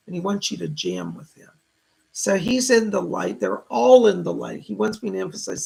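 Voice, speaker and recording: A man hosting live psychic readings, thanking donors and relaying spirit messages in a slightly hoarse voice. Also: sits high, big pitch swings, moderate pace, a little mellow, low-quality recording. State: hoarse, voice going. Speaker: psychic medium host.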